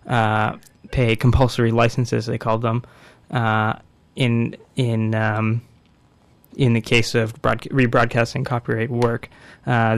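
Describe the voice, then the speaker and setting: A man in casual discussion, explaining a court case in a measured way with frequent fillers. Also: medium pitch, gravelly, smooth, no room sound.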